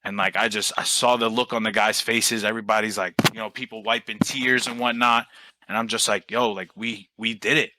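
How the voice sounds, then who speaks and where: A young man, a podcast guest and team coach telling stories in a relaxed, animated way with casual swearing. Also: fairly low pitch, a little fast, no echo, poor audio. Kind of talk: casual interview storytelling.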